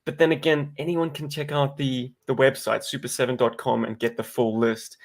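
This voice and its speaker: A man's voice: mid-range voice, flat delivery, normal speed. A man co-hosting a casual live-stream chat, speaking in long, wordy, presenter-like sentences. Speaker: podcast co-host.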